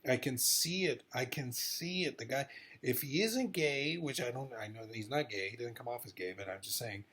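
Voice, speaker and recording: A man giving a rambling, excitable casual monologue about politics, repeating himself often. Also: medium pitch, moderate pace, slightly rough. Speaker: political commentator vlogger.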